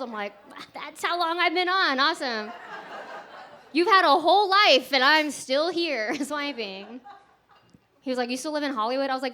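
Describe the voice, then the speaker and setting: A woman's voice: high voice, animated, normal speed, bright, forceful tone, a little hiss or hum. A woman from Texas performing a stand-up set at a comedy club, chatty and self-mocking, laughing through her punchlines. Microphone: handheld stage mic.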